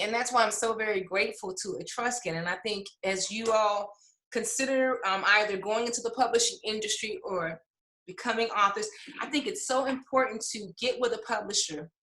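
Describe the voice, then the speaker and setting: A woman's voice: medium pitch, fairly bright tone, reverberant, poor audio. A woman author and English professor telling her publishing story in an interview, emotional and laughing often, with frequent fillers. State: tearful at times.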